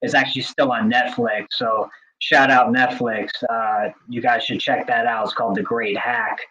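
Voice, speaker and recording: A man's voice: medium pitch, level tone, moderate pace, sharp tone. Chatty man, dull lo-fi podcast sound. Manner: chatty, many filler likes and restarts. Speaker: podcast co-host; drum teacher. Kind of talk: casual podcast chat.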